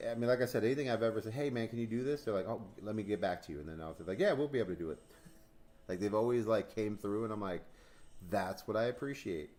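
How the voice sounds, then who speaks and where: Low-voiced man telling animated stories. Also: fast talker. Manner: animated storyteller, acts out dialogue, swears, laughs often. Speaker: crypto stream host. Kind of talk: casual chat.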